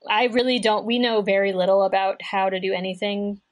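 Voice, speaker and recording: A woman's voice: medium pitch, fairly even intonation, a little fast. A young woman from Kentucky, a guest musician in casual chat, rambling and chatty with lots of filler words.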